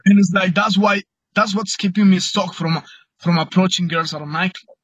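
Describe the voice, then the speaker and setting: A hesitant man with a high voice for a man and a husky texture, who keeps stammering and restarting his sentences. The sound is dull and lo-fi, with a dry, close feel and no room around it. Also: fairly even intonation, normal speed, a bit bright, no room sound. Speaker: coaching client. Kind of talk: casual conversation.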